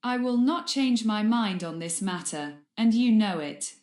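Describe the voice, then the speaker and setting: A woman's voice: medium pitch, animated, a little slow, a little mellow, lightly acted. A woman voicing a cold, malicious male wizard professor in a fan audiobook, with a sneering manner. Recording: roomy echo.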